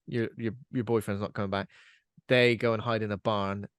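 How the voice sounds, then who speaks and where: A man's voice: fairly low pitch, flat delivery, normal speed, a bit bright, clear, resonant tone, no room sound. A man co-hosting a casual film podcast, chatty and rambling with frequent fillers. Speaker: podcast co-host.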